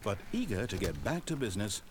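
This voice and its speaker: Sardonic game narrator, very lively up-and-down delivery, hiss in the background. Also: male voice, fairly low pitch, fast. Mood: teasing narration. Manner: dry, teasing, theatrical. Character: wry, mocking male storybook narrator of a game. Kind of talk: scripted narration.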